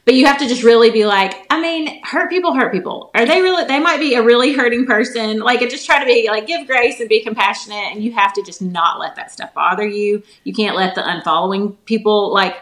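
A woman in her forties with a Southern US accent, chatting casually as a podcast guest, quick and full of "like" fillers. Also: a little high, fairly bright tone, echoey room. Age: 40s. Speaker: guest, holistic nutritionist.

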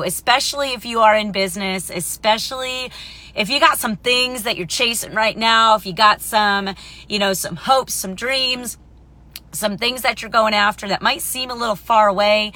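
A woman's voice: medium pitch, bright, forceful tone. A woman in her thirties hosting a live stream, chatty and upbeat, rambling with many fillers and restarts. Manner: upbeat, greets viewers by name. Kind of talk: casual live-stream talk.

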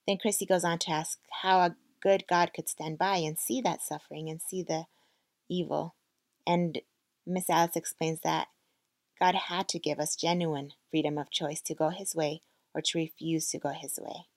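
Low, gravelly woman podcaster. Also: steady tone, normal speed, no room sound. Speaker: podcast host. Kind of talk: book reading and narration.

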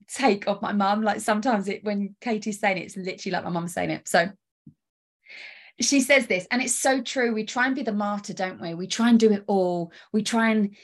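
A woman hosting a solo coaching podcast, talking energetically and emphatically straight to the listener. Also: mid-range voice. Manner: energetic, emphatic, direct address with rhetorical questions.

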